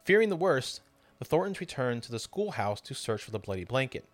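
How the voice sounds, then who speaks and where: Podcast guy narrating true crime, swings his pitch a lot, swears casually. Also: big pitch swings, a little fast, dry recording, soft background music. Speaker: podcast host.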